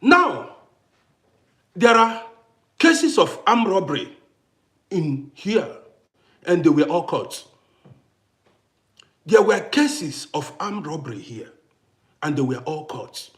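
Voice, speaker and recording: Vlogger, male, parent of adult kids: high voice that swings widely, hammers each point home. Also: very animated, takes it slowly, pauses often, fairly bright tone. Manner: emphatic, repetitive, challenging. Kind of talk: ranting to camera. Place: living in Austria.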